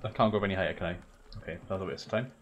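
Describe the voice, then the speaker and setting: A man's voice: low voice, very fast, a bit bright, faint music behind. A young man streaming a video game, joking, swearing and chatting to his viewers. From Wales. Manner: sweary, joking, talks to chat. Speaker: gaming streamer. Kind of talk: casual let's-play commentary.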